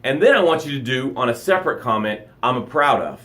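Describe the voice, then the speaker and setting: A middle-aged life coach does a dramatic motivational live stream into his camera, acting out sounds and gasps in an animated delivery. His medium-pitched voice is brisk, with hardly any pauses.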